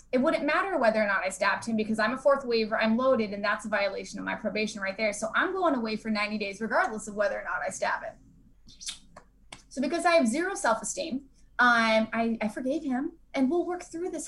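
Woman, frank personal storyteller, chatty with lots of fillers, slightly high voice. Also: a little hiss or hum. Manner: frank and conversational, with many fillers; acts out quoted people with lively voices. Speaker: speaker sharing a recovery story.

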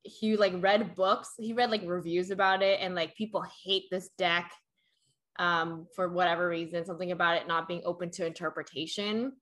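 A woman's voice: on the low side, steady tone, moderate pace, fairly bright tone. A young woman in casual chat, telling a long story full of fillers and acted-out quotes.

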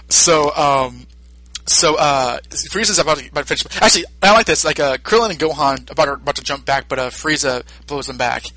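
A man's voice: on the high side, fairly quick, dry recording. A man co-hosting a podcast, recapping a film in casual chat with lots of laughter. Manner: laughing, animated storytelling. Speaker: podcast co-host.

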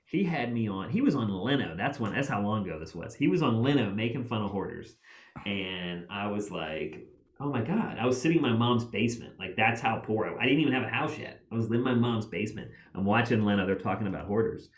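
A man rambles through stories as a podcast guest, leaning on "like" and "man" as he goes. His pitch swings widely from line to line. The sound carries a roomy echo. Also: fairly quick. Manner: rambling, animated, heavy use of "like". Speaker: guest author. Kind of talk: casual podcast storytelling.

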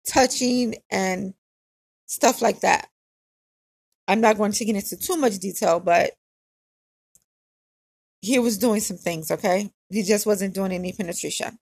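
A woman's voice: medium pitch, creaky, husky, no room sound. A woman casually telling a personal story in a candid, conversational way, often repeating phrases for emphasis.

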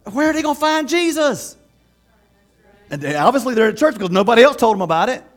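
Male pastor, high voice, chatty animated sermon, faint music behind. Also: fast. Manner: lively, conversational preaching with laughs and acted quotes.

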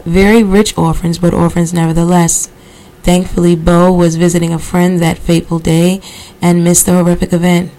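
Gravelly-voiced woman reading a novel aloud. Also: on the low side, moderate pace, rough recording. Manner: steady reading with casual asides. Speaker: podcast host reading a novel. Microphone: computer recording software.

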